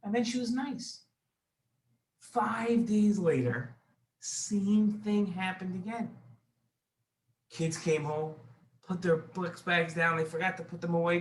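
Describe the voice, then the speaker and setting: A man's voice: high-pitched, fairly bright tone, slight background noise. A man hosting a children's show, telling a story to kids in an upbeat, reassuring way. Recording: echoey room.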